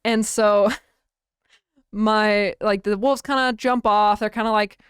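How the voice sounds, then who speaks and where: A young woman co-hosting a college radio podcast, telling a story in an animated, laughing way with lots of "like". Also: medium pitch, takes it slowly, clean tone, no room sound, clean studio sound. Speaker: podcast co-host. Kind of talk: casual storytelling chat.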